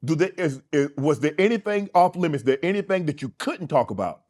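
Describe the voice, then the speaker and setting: A man's voice: a little high, expressive, brisk, a little mellow. A man hosting an interview, asking probing questions with frequent restarts. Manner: probing, stumbles on restarts, short backchannels. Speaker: host.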